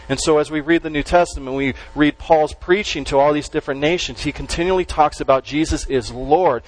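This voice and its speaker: A man preaching a sermon to a congregation, stressing key words slowly and letting his voice drop at the ends of phrases. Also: a little high, poor audio. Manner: emphatic, with slow stressed words and dropped endings. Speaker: pastor.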